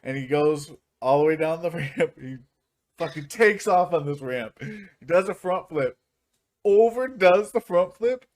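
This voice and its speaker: A young man chatting on his podcast, his voice sitting a little high for a man. He tells stories loosely, swears freely and keeps breaking into laughter. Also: unhurried. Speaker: podcast co-host. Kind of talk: casual chat.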